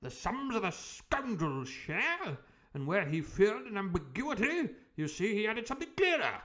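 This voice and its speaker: A man voicing an excitable, educated country doctor who talks in a brisk, eager, explaining way. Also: sits high, pitched above the performer's own voice, exaggerated voice.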